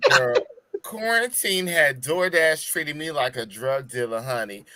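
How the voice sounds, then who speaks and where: A man's voice: medium pitch, animated, unhurried, noisy background. A man from Maryland, a guest drag performer, chatting on a podcast and telling sassy stories with put-on voices. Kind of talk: casual podcast chat.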